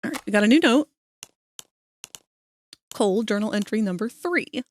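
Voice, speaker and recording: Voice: medium pitch, expressive, moderate pace. A streamer giving casual live commentary while playing, swearing now and then and picking apart game bugs in technical terms.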